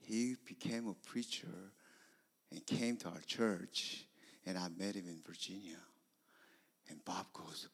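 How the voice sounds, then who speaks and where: A man preaching a sermon, telling stories that swing from hushed whispers to loud emphasis. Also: lowish voice, slow, slightly rough. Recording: long hall reverb.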